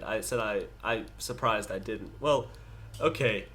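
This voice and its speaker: A man co-hosting a casual art podcast, talking in a hesitant, halting way with restarts and dry understatement. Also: on the low side, a bit bright. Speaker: podcast co-host. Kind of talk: casual chat.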